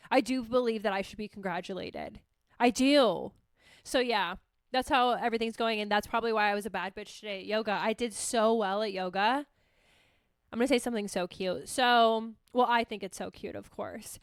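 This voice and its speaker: A young woman hosting a podcast alone, talking in a rambling, animated, self-mocking way with plenty of swearing. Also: on the high side, clean tone, no echo, clean studio sound. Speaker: podcast host. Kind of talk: casual solo chat.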